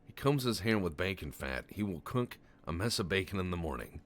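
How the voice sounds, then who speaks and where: A man commenting on a game he is playing, telling long absurd stories in a deadpan way, stammering and swearing often. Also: low voice, fairly quick. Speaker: Let's Play commentator. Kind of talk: casual game commentary with rambling tall tales.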